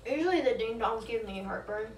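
A woman's voice: a little high, animated, fairly quick, slight background noise. A young woman giving short, dry replies in casual chat at home, off camera. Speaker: vlogger's partner. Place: student apartment at home. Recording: roomy and distant from mic.

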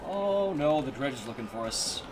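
A man's voice: medium pitch, expressive, moderate pace, noisy background. A man streaming a game and commenting live, reacting with sudden yelps and wry remarks to himself. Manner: reacts aloud with startled yelps and wry self-talk.

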